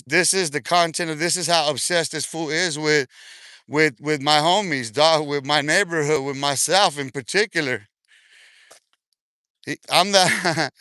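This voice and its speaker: A man on a livestream talks trash in a boastful, taunting rant, cursing freely and laughing often. His voice is bright and smooth, a little higher than most men's. It comes through a close, dry mic with no room sound. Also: no echo.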